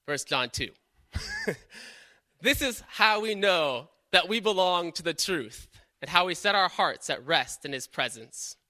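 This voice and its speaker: A man's voice: sits high, lively intonation, measured pace, sharp tone, no room sound, studio quality. A man preaching a sermon in an earnest, questioning way, often checking in with "right?".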